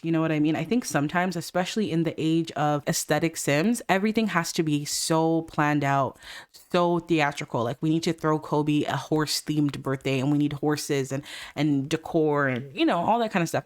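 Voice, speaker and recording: Brief: talkative woman gamer, laughs easily, narrates her sims in loose chat. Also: sits low. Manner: chatty, giggly, voices the characters' lines. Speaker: let's play host. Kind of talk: casual gameplay commentary.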